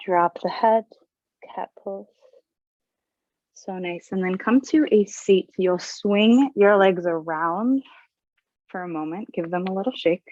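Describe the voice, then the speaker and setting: Calm, slow-speaking woman yoga instructor. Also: medium pitch, dry recording, highs cut off. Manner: calm, slow, soothing cues. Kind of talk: guided yoga class instruction.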